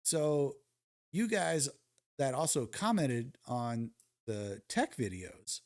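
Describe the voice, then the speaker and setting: A man's voice: mid-range voice, big pitch swings, takes it slowly, a little mellow. A man recording casual ad-lib commentary over mobile game footage for his channel, blunt and swaggering, firing rhetorical questions at his viewers. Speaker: gaming YouTuber.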